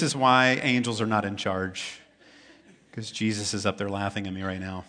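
A man from Tennessee, a pastor preaching a sermon in an animated, joking storytelling manner. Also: lowish voice, moderate pace, a little hiss or hum.

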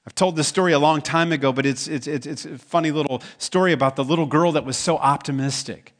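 A man's voice: on the high side, quick pace. Man preaching a conversational sermon. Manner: conversational preaching, asks the congregation questions; acts out quoted voices in the stories. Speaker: pastor.

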